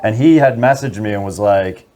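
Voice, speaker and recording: A man's voice: lowish voice, normal speed. A man, a plumber guest in a casual podcast chat, telling stories and acting out quotes. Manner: relaxed storyteller, acts out quotes.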